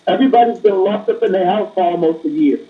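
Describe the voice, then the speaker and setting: A man's voice: high voice, fast talker. A man speaking as a police officer guest in a casual, plain-spoken interview over a remote connection. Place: remote call from elsewhere. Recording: roomy, distant, dull remote audio.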